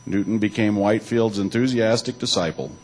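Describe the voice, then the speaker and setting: A man's voice: on the low side, fairly quick, a little mellow, poor audio. A man giving a church talk, alternating between reading aloud and loose spoken asides, with occasional restarts. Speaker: church speaker.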